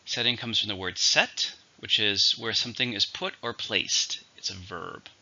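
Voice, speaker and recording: Bright-voiced man teaching vocabulary. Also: on the low side, dull audio. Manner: slow, clear, repeating each word for learners. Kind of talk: scripted vocabulary lesson.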